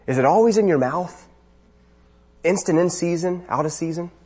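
A man's voice: on the high side, normal speed, darkish tone, breathy edge. A man preaching a sermon, asking rhetorical questions and building to emphatic bursts.

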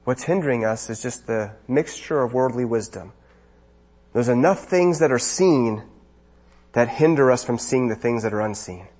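A man's voice: medium pitch, lively intonation, moderate pace, darkish tone. A man preaching a sermon, asking rhetorical questions and building to emphatic bursts.

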